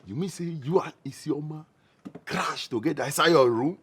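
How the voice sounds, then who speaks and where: A young actor with a Nigerian Pidgin accent playing an excitable man who jokes and teases his friend. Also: fairly high pitch, normal speed, breathy edge. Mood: teasing. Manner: joking, teasing, excitable. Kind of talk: film drama acting.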